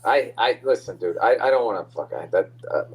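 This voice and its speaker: Excitable Boston man telling stories. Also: lowish voice, brisk, breathy edge. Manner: excitable storytelling, swearing, laughing mid-sentence. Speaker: podcast co-host. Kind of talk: casual sports chat.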